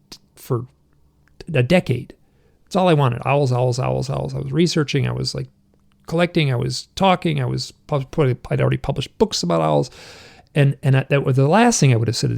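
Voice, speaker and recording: A middle-aged man, a podcast guest, tells a personal story in a halting, intense way, with many restarts. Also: mid-range voice, vocal fry, darkish tone.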